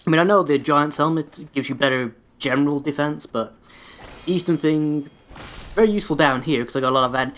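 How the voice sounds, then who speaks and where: Casual gameplay commentary comes from a man whose sore throat makes him hold his voice back. Medium in pitch and a bit bright, he rambles sarcastically and curses frequently as he plays.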